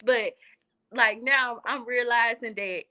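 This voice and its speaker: A woman's voice: on the high side, fairly even intonation, takes it slowly, dull audio. A young woman with a Southern US accent, talking earnestly in a casual chat and repeating phrases for emphasis. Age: young adult. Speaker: guest.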